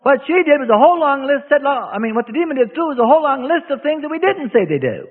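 Pastor, male, very high and lively voice, emphatic folksy delivery, over a tinny radio broadcast. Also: fast talker. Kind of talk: sermon. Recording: tinny radio broadcast with long hall reverb.

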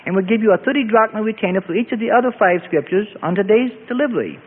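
A man's voice: sits high, fast, slightly rough, pitched above the performer's own voice. Male reader as a matter-of-fact wealthy bargainer, firm tone, raised voice; phone-like echoey sound. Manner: matter-of-fact, insistent, final. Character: wealthy, firm former councilman, middle-aged man. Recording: tinny, echoey, faint hiss.

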